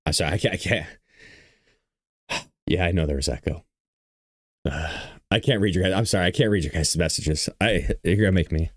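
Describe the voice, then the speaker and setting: Brief: low-pitched male streamer, tearful and shaken, dry close sound, broken halting delivery. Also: no room sound. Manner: halting, trailing off and restarting. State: tearful, choked up. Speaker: livestream host. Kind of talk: emotional live stream talk.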